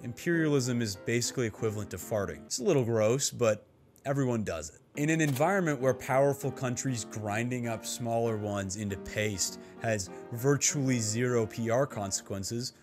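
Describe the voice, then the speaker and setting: A man's voice: mid-range voice, normal speed, darkish tone, soft background music. A man giving scripted narration for a history video essay, with a dry, sardonic humor.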